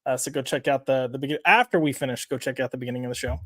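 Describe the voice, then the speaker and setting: A man's voice: mid-range voice, steady tone, very fast, fairly bright tone, dry recording. A man co-hosting a casual podcast, chatting in a rambling way with lots of fillers and reading out live chat comments. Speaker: podcast co-host.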